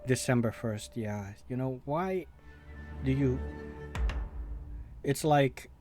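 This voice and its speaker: A man's voice: medium pitch, takes it slowly, over music. Give me a man casually rambling as a reaction video host, hesitant, full of fillers.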